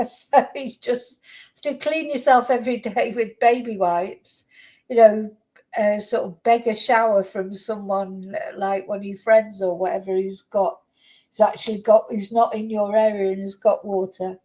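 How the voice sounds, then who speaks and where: A woman's voice: mid-range voice, steady tone, normal speed, dark tone, low-quality recording. A woman hosting a casual livestream chat, rambling and thinking aloud as she talks. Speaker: host.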